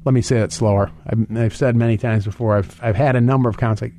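A man hosting a financial advice radio show, talking fast and rambling, with many restarts and fillers. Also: mid-range voice, fairly even intonation, warm tone, slight background noise. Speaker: radio show host and investment advisor.

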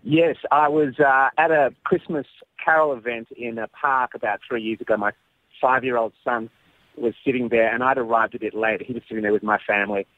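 A male caller telling a funny story about his young son and squealing his son's words in a high voice. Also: steady tone, brisk, no echo. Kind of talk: phone-in anecdote. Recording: muffled phone line.

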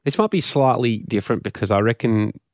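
A man's voice: medium pitch, expressive, fast, no echo, clean studio sound. A man co-hosting a podcast in casual comedic chat, laughing often. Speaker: podcast co-host.

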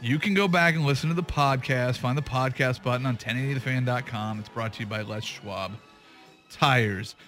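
A man's voice: medium pitch, fairly bright tone, soft background music. A man hosting a sports talk radio show, chatting loosely and teasing his co-host between sports topics. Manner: joking, loose, quick to laugh at himself. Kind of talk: casual sports radio banter. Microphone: studio microphone.

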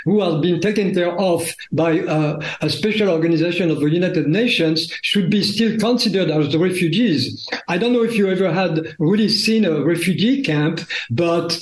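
A man from France with a French accent, a reporter giving deliberate, explanatory answers as a guest in an interview. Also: sits high, reverberant, poor audio.

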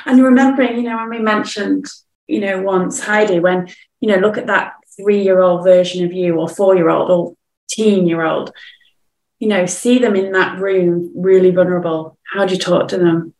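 A woman who is a regular podcast guest, speaking in a gentle, reflective casual chat. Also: mid-range voice, steady tone, moderate pace. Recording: roomy echo.

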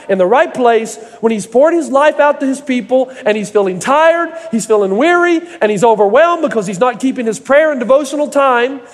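High-voiced preaching man in a big hall. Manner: storytelling with folksy humor, rising to emphatic preaching. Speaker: pastor. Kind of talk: sermon. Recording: echoey hall reverb.

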